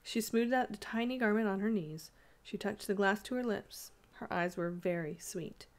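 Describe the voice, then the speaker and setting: A woman's voice: mid-range voice, moderate pace. Woman reading a classic story aloud. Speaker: reader.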